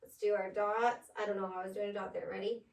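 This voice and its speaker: A woman's voice: mid-range voice, steady tone, fast, distant mic. A woman tutoring a pupil in phonics, patiently spelling words out letter by letter. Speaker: reading tutor. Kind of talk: one-on-one phonics lesson. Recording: echoey room, voice off-mic.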